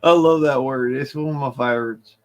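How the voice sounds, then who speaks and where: A man's voice: medium pitch, steady tone, fairly quick. A man with a Southern US accent chatting casually on a livestream, folksy and rambling, laughing often. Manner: folksy drawling storyteller, laughs often, mumbles some words. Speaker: livestream host.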